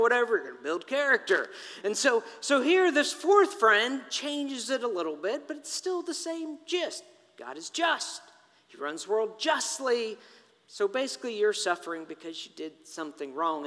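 A man preaching a sermon in an animated, conversational way, turning often to the congregation with asides. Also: very high voice, big-room sound.

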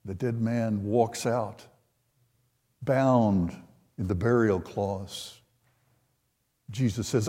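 Older man, sermon, slow deliberate storytelling, long hall reverb. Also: on the low side, fairly even intonation, warm tone. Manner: unhurried storytelling, retelling scripture with voiced quotes. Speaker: preacher.

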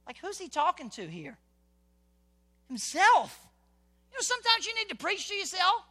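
A male pastor preaching a sermon in a conversational way, full of rhetorical questions, moving between quiet talk and loud, fervent preaching. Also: extremely high pitch, wildly swooping pitch, normal speed, pauses often.

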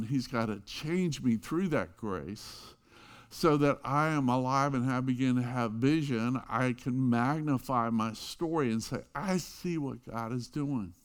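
A middle-aged man delivers a sermon in an everyday mid-range voice. He tells stories, punching some lines hard and dropping others to a near hush. His pitch sits right in the middle for a man. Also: smooth. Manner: storytelling with wide swings between loud emphasis and hushed quiet. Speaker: pastor.

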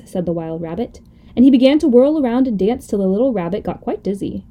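A woman host reading a children's story aloud gently and expressively. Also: on the high side, expressive, fast. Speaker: podcast host.

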